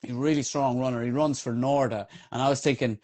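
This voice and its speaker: A fast-talking Irish trail runner with a medium-pitched voice shares a race story on a podcast. The telling is lively and relaxed, crowded with fillers and swear words.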